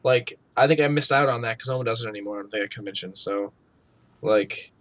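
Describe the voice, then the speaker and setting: A man's voice: lowish voice, fast talker, no echo. A man co-hosting a gaming podcast, chatting loosely with lots of fillers and swearing. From Pennsylvania. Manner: loose, filler-heavy, swearing, bursts into loud mock shouting. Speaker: podcast co-host. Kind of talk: casual chat.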